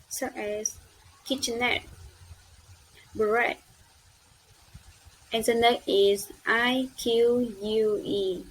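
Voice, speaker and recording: A woman student giving a class presentation, reading slowly and carefully and spelling out letters one by one. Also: on the high side, a little hiss or hum, rough recording.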